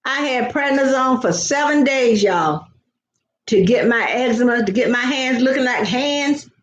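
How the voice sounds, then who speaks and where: Chatty older woman, high voice. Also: animated, a little slow. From American South. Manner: chatty, playful, rambling with repeated words. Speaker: vlogger. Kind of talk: casual live-stream chat. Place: home. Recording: echoey, dull lo-fi home recording.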